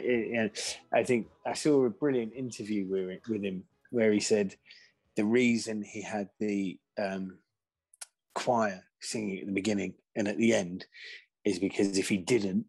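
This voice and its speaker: A low, husky-voiced man co-hosting a podcast. He talks about music in a loose, rambling way, full of fillers and restarts. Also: normal speed, a little mellow. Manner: rambling, hesitant, lots of fillers. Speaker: podcast co-host. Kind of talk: casual music chat.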